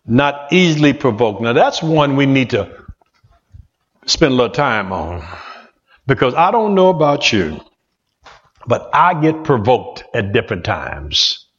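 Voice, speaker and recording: Preacher in an echoey church. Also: male voice, mid-range voice, very animated, a little slow, pauses often. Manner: folksy, repetitive, talks straight to the congregation. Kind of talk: sermon. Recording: muffled echoey church hall recording.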